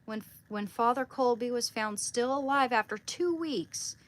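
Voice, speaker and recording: A woman on a casual livestream who reads aloud and prays, soft-spoken and halting, near tears. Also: a little high. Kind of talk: casual livestream chat and prayer reading. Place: small room at home.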